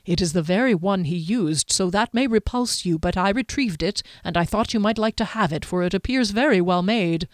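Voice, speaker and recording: A woman's voice: medium pitch, normal speed, hardly any pauses, dry recording, clean studio sound, natural voice. A woman voicing a cheerful, curious male mage who talks pleasantly. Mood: eager. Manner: pleasant, chatty.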